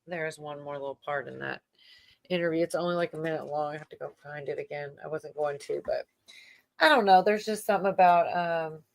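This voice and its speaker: A woman's voice: sits low, normal speed, creaky, pauses often. A woman hosting a livestream in casual chat, rambling with many fillers and laughing often as she talks. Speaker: livestream host.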